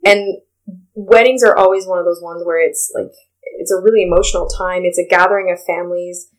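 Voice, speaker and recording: Halting woman wedding planner, lowish pitch. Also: fairly even intonation, low-quality recording. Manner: rambling, halting restarts with "you know". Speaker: wedding planner, podcast co-host. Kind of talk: casual podcast chat.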